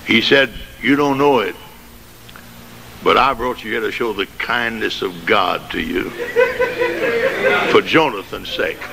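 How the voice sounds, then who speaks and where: Gravelly preacher on an old noisy tape. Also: male voice, fairly low pitch, measured pace, long pauses. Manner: dramatic storytelling with shouted climaxes. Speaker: pastor. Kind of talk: sermon.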